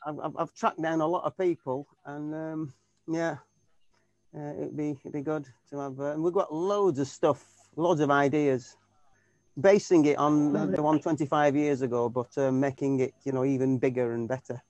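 A man's voice: on the high side, fairly even intonation, normal speed, a little mellow, dry recording, muffled recording. A man, a tribute band keyboardist, chatting in an interview over a video call. He rambles and restarts often, with plenty of fillers. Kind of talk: casual interview chat.

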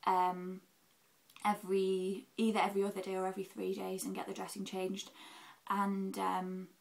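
A woman's voice: medium pitch, completely flat delivery, moderate pace, gravelly, poor audio. A young woman from England giving a chatty, candid vlog update about her recovery, full of "um"s and acted-out quotes. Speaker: vlogger. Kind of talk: casual health update vlog.

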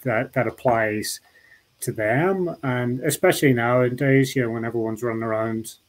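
A middle-aged man from Northern Ireland, speaking with that accent, is a guest in a casual interview. His mid-range voice moves at a moderate pace as he rambles, restarting often and drifting into asides. The recording is rough.

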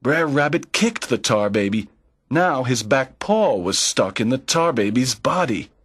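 Slow, husky male storybook narrator. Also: mid-range voice, animated, a bit bright, no room sound. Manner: clear, measured storytelling. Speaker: narrator of a graded reader. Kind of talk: slow scripted narration for learners.

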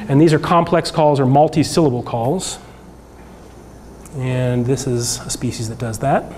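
A man teaching a workshop class, talking through slides in a relaxed, conversational way with many fillers and restarts. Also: mid-range voice, a little slow, background noise. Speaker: workshop instructor. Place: lecture room.

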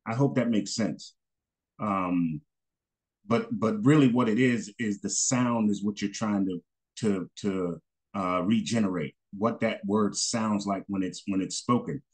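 A man from North Carolina answering a question in an online class, halting with many fillers and restarts. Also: fairly low pitch. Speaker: assistant teacher.

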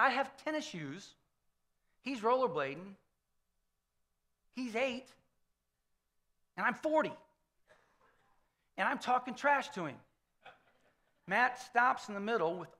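Bright-voiced chatty male pastor. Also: sits high, expressive, moderate pace, pauses often. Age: 50s. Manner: conversational storytelling sermon, frequent "okay?" check-ins. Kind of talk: sermon. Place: church sanctuary.

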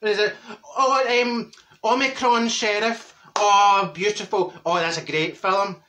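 A brash, gossiping older Glasgow woman, played by a man, chatters in a broad Glaswegian accent. Her voice sits high and sounds bright and cutting. She cackles and mimics her neighbours in a comic character monologue. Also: fairly even intonation, slow pace, full character voice. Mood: gossipy. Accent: Glaswegian Scottish.

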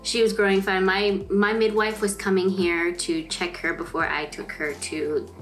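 A woman's voice: mid-range voice, flat delivery, normal speed, faint music behind. A young woman vlogging casually at home in her apartment, chatty and bubbly, laughing often as she talks to the camera. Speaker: vlogger and new mom.

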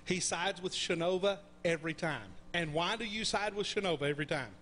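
A man's voice: high-pitched, brisk, fairly bright tone. A middle-aged man preaching a conversational sermon, often checking in with the congregation with questions. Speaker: pastor. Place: church sanctuary.

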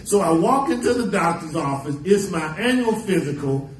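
A high-pitched preacher delivering a folksy sermon, acting out quoted lines with flair. The sound is echoey and picked up from a distance in a church sanctuary, with faint room noise underneath. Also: male voice, animated, moderate pace. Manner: folksy preaching with dramatic voiced quotes and humor. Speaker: pastor.

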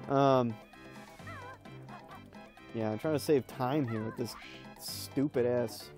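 A man's voice: medium pitch, takes it slowly, a little mellow, faint music behind. A young man casually commenting while playing a video game, rambling and laughing through stories with lots of fillers. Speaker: let's play host.

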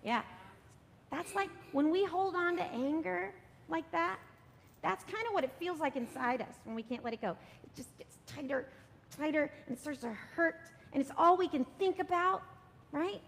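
Woman, children's sermon leader, high and gentle, coaxing; church reverb, faint rumble. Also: normal speed, vocal fry. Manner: gentle, coaxing, often asks "right?". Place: church sanctuary.

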